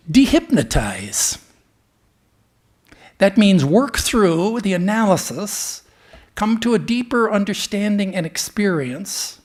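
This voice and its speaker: A man speaking as a swami in a temple, giving a spiritual talk with an animated storytelling manner that often drops to a hush. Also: high-pitched. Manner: storytelling, animated, dropping to hushed tones. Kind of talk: sermon with storytelling.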